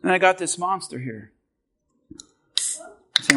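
A man preaching a sermon to his church with an object lesson, animated and swinging from quiet asides to shouting. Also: high voice, a little slow. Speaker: pastor.

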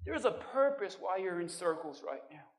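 A woman pastor preaching a sermon, speaking straight to her listeners with rhetorical questions and swinging from loud, urgent pleas to hushed, intimate lines. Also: fairly low pitch, very animated, normal speed. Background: music.

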